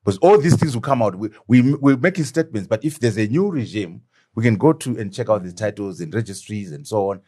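A man's voice: on the low side, expressive, a little fast, dark tone. Middle-aged zimbabwean guy, interview guest, punchy and emphatic, asks himself questions then answers them. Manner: emphatic, rhetorical questions, acts out dialogue. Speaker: interview guest, former deputy prime minister. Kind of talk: animated political interview.

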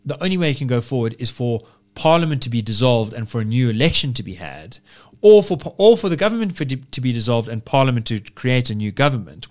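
A man's voice: medium pitch, animated, fast talker. Man arguing in long winding sentences. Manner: discursive, philosophical, argues in long winding sentences. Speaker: podcast co-host. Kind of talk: casual political chat.

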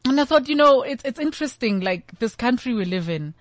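A middle-aged woman with a South African accent, chatting and telling stories in an animated way, acting out the people she quotes. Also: a little high, a little fast, no room sound. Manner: animated storyteller, acts out quoted voices. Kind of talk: casual chat.

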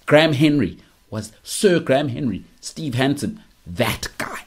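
A man's voice: medium pitch, lively intonation, measured pace, breathy edge. A young South African man hosting a podcast, delivering an opinionated monologue in a teasing, emphatic way that keeps repeating its punchlines. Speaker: podcast host.

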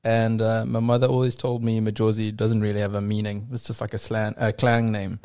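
A man's voice: lowish voice, level tone, fairly quick, a little mellow, clear, resonant tone. A man, a musician guest on a podcast, telling stories in laid-back casual chat and laughing often.

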